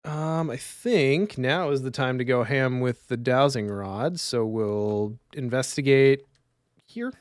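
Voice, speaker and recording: Slow and smooth, a man's mid-range voice comes through at studio quality with no room sound. During his solo card game stream, he mutters rules half under his breath and keeps up casual chat with viewers.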